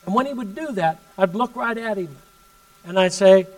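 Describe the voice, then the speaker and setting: A man preaching a sermon and telling a story, emphatic, swinging from loud bursts to hushed asides. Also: high-pitched, moderate pace, distant mic, poor audio.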